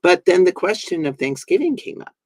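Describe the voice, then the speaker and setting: A man's voice: high voice, very animated, brisk, dry recording. A man hosting a spiritual talk show, telling his own stories in an earnest, conversational way. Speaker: host. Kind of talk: casual conversation.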